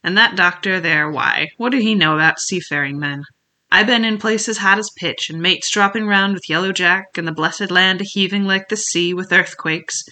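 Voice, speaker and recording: A reader voicing a sick old male sea captain who craves rum, talking in a weak voice with rough sailor's dialect, by turns pleading and blustering. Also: mid-range voice, moderate pace, pushed and bright. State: weak, feeble voice. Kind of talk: audiobook character reading.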